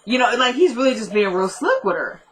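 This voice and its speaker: Speaking fairly quickly and very animatedly, this woman has a voice on the high side, captured in a rough recording. As a vlogger recapping a TV episode in casual chat, she keeps laughing and addressing her audience directly with asides.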